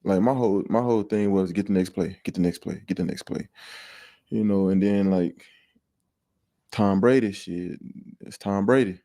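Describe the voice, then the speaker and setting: Low, mellow-voiced man talking football. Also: moderate pace, pauses often, no room sound, studio quality. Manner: plain-spoken, repeats himself for emphasis. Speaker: former football player. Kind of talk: casual chat.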